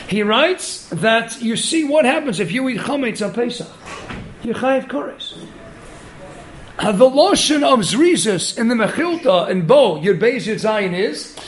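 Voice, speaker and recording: A man giving an animated Torah study lecture. He urges his listeners on and mixes in many Hebrew and Yiddish terms. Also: extremely high pitch, slight background noise. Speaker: Torah teacher.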